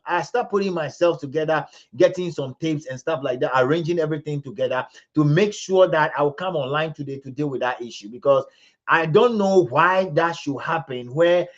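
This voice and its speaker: A man's voice: a little high, lo-fi sound. A man with a Ghanaian accent hosting a live commentary stream, repeating himself and stumbling over restarts as he builds to indignant emphasis. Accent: Ghanaian English. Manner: repetitive, stammering restarts, rising to indignant emphasis. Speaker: livestream host.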